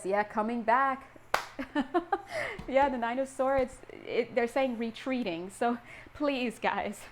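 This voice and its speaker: Lady doing a chatty tarot reading, kinda high voice, jokey, faint hiss behind. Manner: animated, playful, acts out little scenes and laughs often. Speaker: tarot reader.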